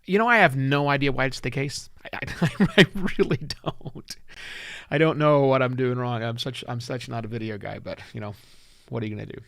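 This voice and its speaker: A man's voice: mid-range voice, a little fast, gravelly, fairly bright tone, no echo. Podcast guy taping live at home, chatty, kinda phlegmy, dry close mic. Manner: chatty, self-deprecating, thinks aloud. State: a little phlegmy, clearing throat. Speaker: podcast host. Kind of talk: live-taped solo podcast, casual chat. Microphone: studio mic with headphones.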